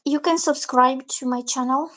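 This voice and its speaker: On a live stream, a tarot reader with a high voice talks at a moderate pace. She's lively as she explains every card, reads out viewer comments, chats with her audience, and acts out the reactions she quotes.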